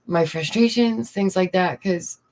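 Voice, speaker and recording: A woman's voice: lowish voice, unhurried, darkish tone, slight background noise. A young woman, a streamer and art teacher, chatting casually to her viewers, laughing often and greeting them directly. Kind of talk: casual livestream chat. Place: indoors at home.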